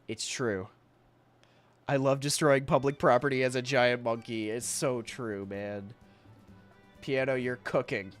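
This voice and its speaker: Smooth-voiced young man chatting on stream. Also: mid-range voice, steady tone, measured pace, long pauses, soft background music. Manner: rambling, chatty, reads chat aloud, often laughs. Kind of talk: casual livestream chat while drawing.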